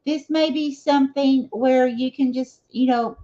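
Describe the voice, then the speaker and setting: A woman with a high, mellow voice and a steady tone, speaking a little slowly, gives a live tarot reading. She talks conversationally, checks in often with her viewers, and leans on fillers like "okay?" and "you know." The sound is dull and lo-fi.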